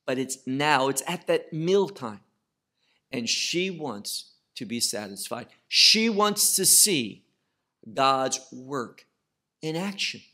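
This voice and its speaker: A man teaching verse by verse through a Bible passage, slow and emphatic, asking and answering his own questions. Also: on the high side, bright, forceful tone.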